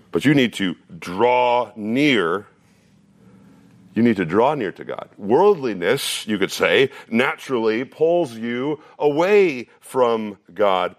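A man in his thirties preaching a sermon, earnest and repeating phrases as he builds each point, sometimes dropping into a relaxed, story-telling tone. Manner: drops to a low conversational tone for a personal story. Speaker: pastor.

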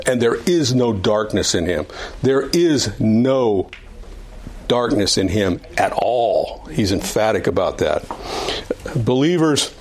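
Man teaching an adult Bible class. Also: mid-range voice. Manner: explanatory, repeats key phrases for emphasis. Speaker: Sunday school teacher.

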